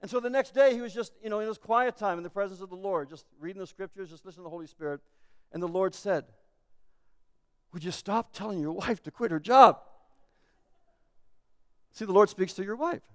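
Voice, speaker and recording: A man's voice: high voice, fast talker, clean tone. A man preaching a sermon as pastor, earnest and building to emphatic declarations. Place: church sanctuary. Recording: echoey church hall.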